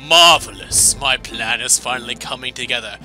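A man voicing a scheming male villain lord in a game, gloating and theatrical, a bit lower than his own voice. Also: normal speed, bright, forceful tone, faint music behind.

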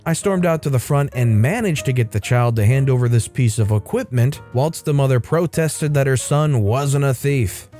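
Male narrator, mid-pitched and warm-toned, even storytime reading. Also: normal speed, few pauses, faint music behind. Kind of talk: scripted narration.

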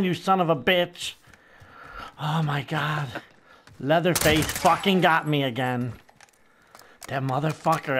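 A man's voice: a little high, noisy background. A man giving crude, mock-friendly gameplay commentary, taunting other players and exclaiming whenever he gets surprised. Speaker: gamer streamer. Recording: gameplay audio with gunfire behind. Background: game gunfire and explosions.

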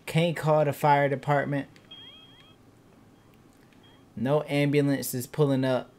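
Animated young man doing game commentary. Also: mid-range voice, slight background noise. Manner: loose slangy talk, bursts into loud excited shouting. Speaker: gaming channel host. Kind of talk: casual let's-play commentary.

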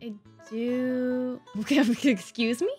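A woman's voice: high-pitched, fairly even intonation, very slow, warm tone, soft background music. A woman hosting a let's play, chatting playfully through her gameplay and laughing often. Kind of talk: casual gameplay commentary.

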